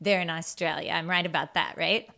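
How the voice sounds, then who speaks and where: A woman's voice: on the low side, steady tone, fairly quick, creaky, sharp tone. Texas lady hosting a podcast, chatty and giggly, laid back. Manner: chatty, laughs often. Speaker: podcast host. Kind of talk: casual interview.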